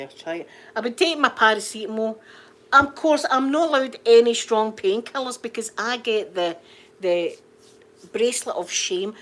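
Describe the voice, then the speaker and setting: A woman's voice: mid-range voice, a bit bright. Chatty Scottish woman streaming live. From Scotland. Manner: chatty, rambling, laughs often. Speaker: livestream host. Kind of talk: casual live chat with viewers.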